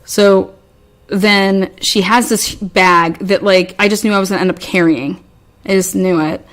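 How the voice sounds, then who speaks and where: In a medium-pitched, fairly bright voice with fairly even intonation, a woman talks a little slowly as she co-hosts a podcast. Her story meanders with exasperation, free swearing, and frequent restarts, all in casual chat.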